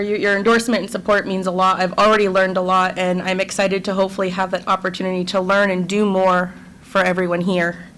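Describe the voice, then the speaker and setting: A woman's voice: mid-range voice, fairly bright tone, poor audio. A woman, a school board candidate, giving an earnest and emotional prepared campaign speech to a local audience.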